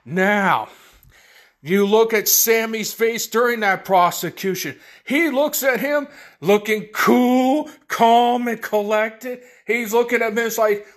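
A man with a high voice hosts a podcast, talking slowly and deliberately. His casual commentary is animated and full of sarcastic asides. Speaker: podcast host.

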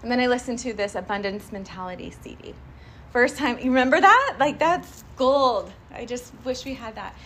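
Woman motivational speaker, higher-pitched, chatty and animated, quick to laugh and to poll the room. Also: a little hiss or hum. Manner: animated and chatty, often breaks into laughter, asks the audience questions. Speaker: motivational speaker addressing a group. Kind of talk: live motivational talk.

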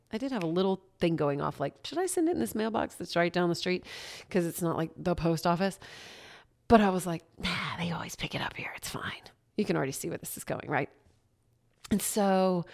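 Chatty woman host telling a story. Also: lowish voice. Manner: animated, laughs often, acts out quoted exchanges. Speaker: podcast host. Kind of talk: casual solo storytelling.

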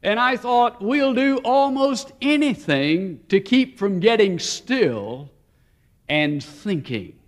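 A man with a high voice delivers a sermon in a story-telling way. He lingers slowly on weighty phrases, then hurries through his asides. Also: big pitch swings. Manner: story-telling, shifts between slow emphasis and quick asides. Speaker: preacher.

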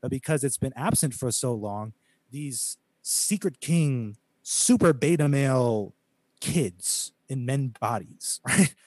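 Slow and expressive, a US podcast co-host preaches emphatically in casual talk, quoting scripture and mocking critics in quoted voices. His mid-range voice has a darkish tone, and the recording is dry.

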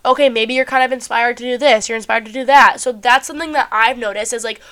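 A woman's voice: on the high side, steady tone, quick pace, fairly bright tone, smooth. A young woman hosting a podcast, sounding a bit stuffy, chatting casually about self-help and swearing freely with lots of "like". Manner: chatty, swears often, heavy use of "like". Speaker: podcast host.

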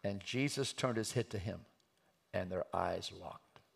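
A man preaching a sermon, acting out a story and swinging from hushed tones to loud outbursts. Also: low-pitched, a little slow. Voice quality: gravelly, husky.

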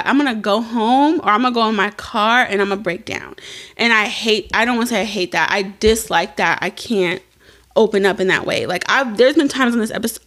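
Young woman cohost, kinda high voice, blunt and lively, cusses a lot. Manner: candid and animated, swears freely, lively quoting. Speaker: podcast co-host. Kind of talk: casual chat.

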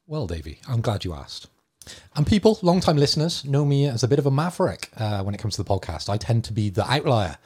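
A man's voice: mid-range voice, big pitch swings, a little fast, a little mellow, husky. A man co-hosting a gaming podcast, bantering playfully in a mock-formal way. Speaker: podcast co-host. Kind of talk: casual chat.

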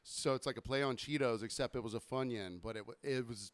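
A man co-hosting a casual podcast chat, jokey and quick to laugh. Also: mid-range voice, no echo. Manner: jokey, laughs a lot, slips into silly voices. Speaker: podcast co-host.

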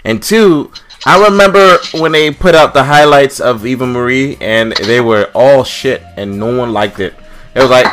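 A man's voice: mid-range voice, normal speed, over music. A man ranting angrily on a casual podcast, swearing often as he complains. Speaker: podcast co-host.

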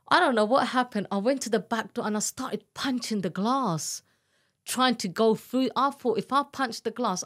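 A woman giving a candid, earnest account of her own past as an interview guest, halting and searching for words as she retells it. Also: mid-range voice. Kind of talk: emotional personal testimony in an interview.

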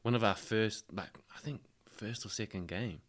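A man's voice: lowish voice, moderate pace. A young man with a New Zealand accent, a guest on a casual podcast, telling stories in a laid-back way and calling his host bro again and again. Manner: laid-back storyteller, says bro constantly. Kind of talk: casual chat.

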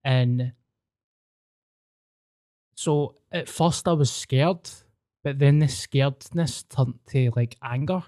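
A man's voice: mid-range voice, takes it slowly, long pauses, warm tone. A man with a Scottish accent, chatting casually and swearing as he tells personal anecdotes. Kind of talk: casual chat, storytelling.

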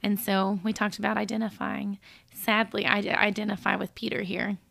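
She speaks at normal speed with a medium-pitched, creaky voice while co-hosting a casual Bible study podcast. Reading verses aloud and talking them over, she turns animated when quoting.

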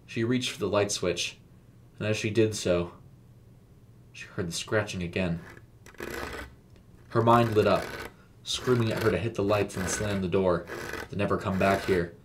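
Man, very deep voice, suspenseful horror story narration, measured delivery. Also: fairly even intonation, a little hiss or hum.

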